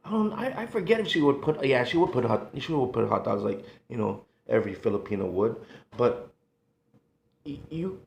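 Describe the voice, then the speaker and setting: A middle-aged man from the United States, a food vlogger reminiscing in a halting, emotional way, sighing between thoughts. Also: mid-range voice, lively intonation, gravelly, darkish tone. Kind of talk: casual reminiscing monologue. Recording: echoey room.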